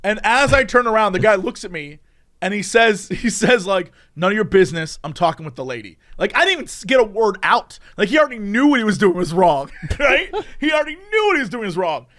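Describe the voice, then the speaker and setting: A man's voice: high-pitched, lively intonation, fairly quick, fairly bright tone. A man co-hosting a podcast, telling a story in casual chat and laughing often as he goes. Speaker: podcast co-host.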